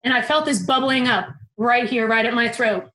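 Young adult woman storyteller, animated and candid; high voice, reverberant space. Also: moderate pace. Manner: animated, candid, swears casually. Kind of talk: personal storytelling. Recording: roomy echo.

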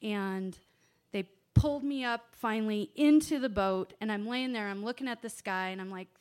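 A woman telling a personal story to an audience, animated, swinging from hushed asides to loud exclamations. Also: medium pitch, normal speed, clear, resonant tone. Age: adult parent.

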